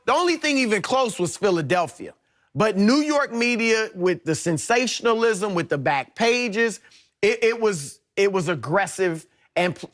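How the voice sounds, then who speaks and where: High-voiced man arguing sports on air. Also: a bit bright. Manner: measured, explanatory, with frequent restarts. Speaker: sports debate panelist. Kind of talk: studio sports debate.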